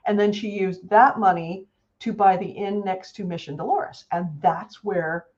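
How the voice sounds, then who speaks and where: Lively woman chatting on a lo-fi stream. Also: mid-range voice, measured pace. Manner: animated, swearing storyteller. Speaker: podcast co-host. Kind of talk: casual chat.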